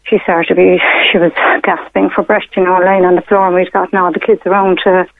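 A woman's voice: on the low side, little pitch movement, a little fast, vocal fry. A middle-aged woman, calling in to a radio show and telling a personal story in a hesitant, rambling way full of fillers. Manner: rambling, hesitant, many fillers and retold quotes. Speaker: caller. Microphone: telephone. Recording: tinny phone line.

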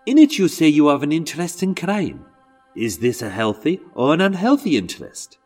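A man's voice: on the high side, sing-song, moderate pace, a little mellow, faint music behind. A man putting on a Welsh accent to read out a letter in a mock-earnest, lilting way. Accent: put-on Welsh.

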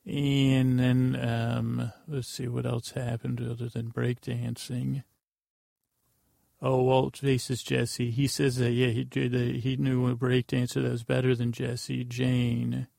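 A man's voice: medium pitch, monotone, slow pace, creaky, dark tone, dry recording, clean studio sound. A man hosting a podcast, recapping a TV episode in a rambling, offhand way and correcting himself as he goes. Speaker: podcast host.

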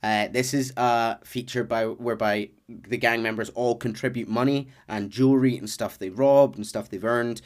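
A man's voice: medium pitch, steady tone, normal speed. A man hosting a podcast, recapping a video game's story in a chatty, casual way with fillers. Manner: chatty with frequent fillers and laughs. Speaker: podcast host. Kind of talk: casual lore recap chat.

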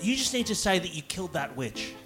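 Woman playing a friendly-menacing male ex-con, low and coaxing, lively delivery, music underneath. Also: a little fast. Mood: coaxing menace. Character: menacing male crook, smooth-talking ex-con. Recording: background music.

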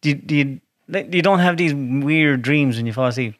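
A man hosting a podcast, asking short, quick questions in casual chat. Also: fairly high pitch, no room sound, clean studio sound. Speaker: podcast host.

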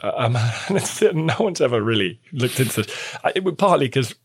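A man with a British accent, a guest telling history stories in a vivid, animated way. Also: medium pitch, slightly rough. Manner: vivid, animated storytelling with quick restarts. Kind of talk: casual history discussion.

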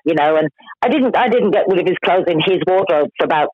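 A woman speaking as a podcast guest over the phone, recounting her grief frankly and emotionally, often halting mid-sentence. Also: lowish voice, lively intonation, breathy edge, no echo. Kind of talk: candid personal conversation. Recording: tinny dry phone line.

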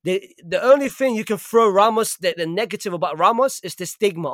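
A man's voice: sits high, fairly quick, few pauses, a bit bright, dry recording, studio quality. A man in a heated casual podcast debate, insistent and argumentative, repeating his points. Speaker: podcast panelist, Real Madrid fan.

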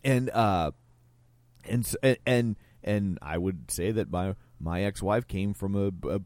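A man with a fairly low voice chats casually about a movie with friends. He halts and restarts a lot, earnest as he works his thoughts out. The sound is dry and close. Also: a little mellow, no echo. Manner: halting, restarts often, earnest. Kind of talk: casual film discussion.

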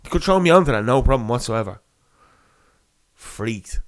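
A man's voice: medium pitch, expressive, normal speed. Rambling, swearing young man. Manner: rambling, swearing, laughing anecdote. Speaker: storyteller. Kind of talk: casual chat.

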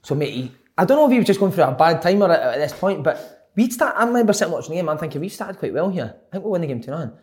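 A man, a former footballer telling animated stories in casual chat, laughing often and acting out quotes. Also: on the high side, racing. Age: 20s at the time, now older.

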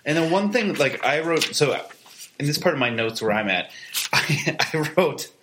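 A man's voice: fairly high pitch, lively intonation, normal speed, noisy background. A man in casual chat, giving wry, laid-back commentary with some swearing.

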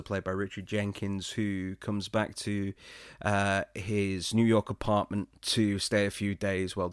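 A British man with a low voice chats casually as a film podcast co-host. He talks in a relaxed, conversational way and lights up easily. The sound is dry, close and free of room echo. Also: clean tone. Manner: chatty, laughing, animated when excited.

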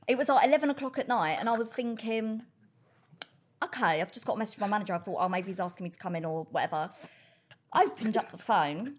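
A woman's voice: fairly high pitch, expressive, brisk, long pauses, husky. A woman chatting casually on a podcast, telling blunt, laughing stories. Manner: chatty, swearing, laughing storyteller. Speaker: podcast guest. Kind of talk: casual chat.

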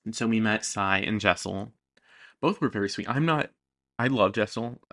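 A young man co-hosting a podcast, telling stories in an animated, chatty way and acting out what people said. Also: fairly low pitch, moderate pace. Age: young adult. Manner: animated storytelling with quoted voices. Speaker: podcast co-host. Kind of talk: casual chat.

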